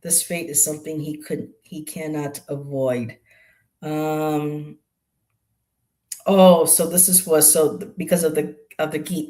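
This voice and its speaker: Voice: mid-range voice, a little mellow. A tarot reader on a live stream who explains each card in a musing, hesitant way, with many ums and restarts. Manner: explains card meanings aloud.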